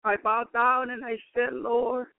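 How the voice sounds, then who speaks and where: A woman with a high, fairly even voice gives a fervent spoken testimony as a preacher, speaking at a measured pace and repeatedly breaking into exclamations of praise. She is at home in Chicago, and the dry recording has a narrow, phone-like sound with no echo.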